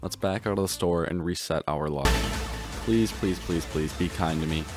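A man streaming a video game pack opening, excitable and trying to keep his voice down at home, swinging from grumbling to yelling. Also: low-pitched, moderate pace, over loud music. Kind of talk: pack-opening gameplay commentary.

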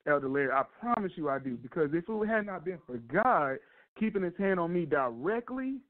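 Guy calling into a radio show, high voice, earnest, tinny phone sound. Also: big pitch swings, normal speed. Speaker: caller. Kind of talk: casual radio call.

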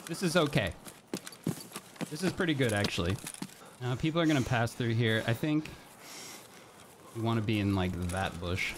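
A young man streaming a game live, talking to his chat in a nervous, excitable way. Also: mid-range voice, normal speed, pauses often, background noise.

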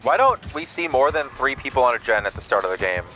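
A man chatting casually with teammates while gaming, making relaxed callouts. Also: mid-range voice, quick pace, faint music behind. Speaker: gamer.

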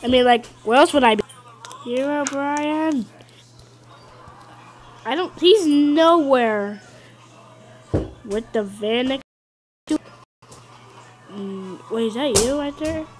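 A woman giving casual gameplay commentary, excitable, often yelling and taunting at the game. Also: sits high, slow pace, pauses often, soft background music, low-quality recording. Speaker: gaming video host.

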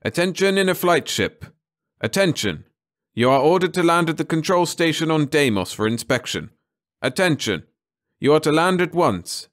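A man voicing a stern male official giving orders over a spaceship's loudspeaker in a raised, urgent voice. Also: on the high side, animated, normal speed, voice pushed up. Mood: commanding. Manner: commanding, urgent.

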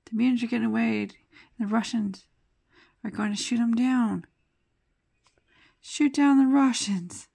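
Slow, gravelly woman recapping a comic. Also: on the high side, fairly even intonation, dark tone. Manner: loose, chatty summary with asides while flipping pages. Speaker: comic book reviewer. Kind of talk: casual plot retelling.

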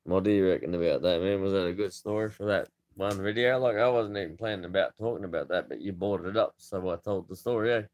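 Aussie guy in his 30s, lowish voice, rambly casual vlog chat, swears a lot. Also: fast, hardly any pauses, a little mellow. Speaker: vlogger.

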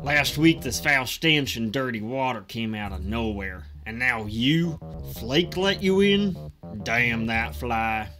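Game figure: hostile Southern sewer dweller, voiced by a streamer, gruff and slow. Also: mid-range voice, animated, music in the background. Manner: threatening, growling, slow.

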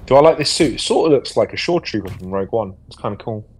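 A man's voice: fairly low pitch, fast talker, breathy edge. A middle-aged English man, an actor, chatting on a game stream and telling a story animatedly. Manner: animated storyteller, acts out quotes. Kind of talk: casual chat, storytelling.

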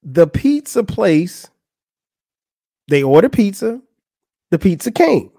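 A man's voice: slow pace, creaky, no room sound, clean studio sound. A man hosting a podcast, telling a funny story in a casual way and acting out the people he quotes. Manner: animated, acts out quotes with rising pitch. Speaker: podcast host.

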